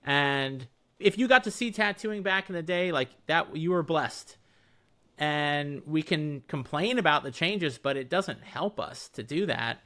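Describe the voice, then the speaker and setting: A man's voice: on the high side, lively intonation, unhurried, sharp tone. A man in his thirties hosting a podcast, asking eager, probing questions and dropping "like" often. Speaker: podcast host. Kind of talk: casual podcast interview.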